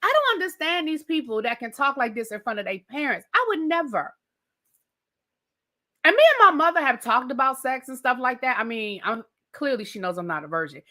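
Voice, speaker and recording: A woman's voice: high voice, big pitch swings, brisk, bright, forceful tone. A woman, ranting bluntly and casually about a TV show she reviews, swearing freely.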